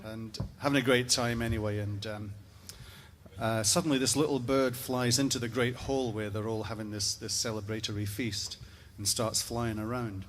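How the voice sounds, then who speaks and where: A man's voice: on the low side, fairly even intonation, normal speed, a bit bright, a little hiss or hum. A Scottish man telling a comic story in a wry, rambling way, with profane asides. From Scotland.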